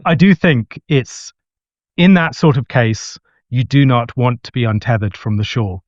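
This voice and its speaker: A man's voice: medium pitch, expressive, a little slow, dry recording, dull audio. A man who is a guest scholar, giving an articulate, reflective answer that builds a long argument. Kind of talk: discussion answer.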